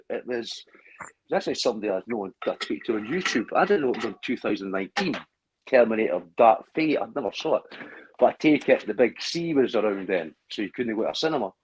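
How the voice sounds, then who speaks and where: Lively Scottish man chatting over a phone. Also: mid-range voice, slightly rough, rough recording. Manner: animated storyteller, laughs often. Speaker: livestream co-host. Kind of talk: casual chat.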